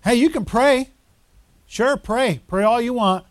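Male pastor, high voice, fervent preacher who builds to loud exhortation. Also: a little slow. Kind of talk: sermon.

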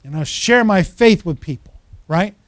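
Male pastor, sermon, high voice, dry close sound, animated, storytelling. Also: moderate pace, no room sound.

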